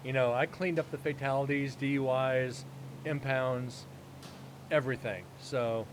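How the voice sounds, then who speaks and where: A man's voice: medium pitch, fairly even intonation, a little slow, slight background noise. A man hosting a live stream, casually telling a story and acting out both sides of the dialogue.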